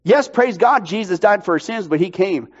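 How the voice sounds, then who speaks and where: Energetic pastor guy preaching, really high voice, kinda muffled lo-fi recording. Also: moderate pace. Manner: energetic, emphatic, jokey. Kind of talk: sermon. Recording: dull lo-fi sound.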